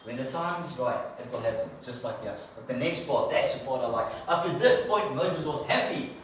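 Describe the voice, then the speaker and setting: A man preacher giving a conversational, animated sermon in a church. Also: mid-range voice, a little fast, a little hiss or hum. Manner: animated storyteller, conversational, acts out quotes. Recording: echoey church from a distant mic.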